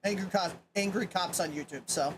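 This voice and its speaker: A woman's voice: lowish voice, a little fast. Lady streamer reacting to clips, hesitant, keeps restarting, noisy mic. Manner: hesitant, restarts sentences, laughs easily. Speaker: livestream host. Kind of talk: casual livestream reaction chat.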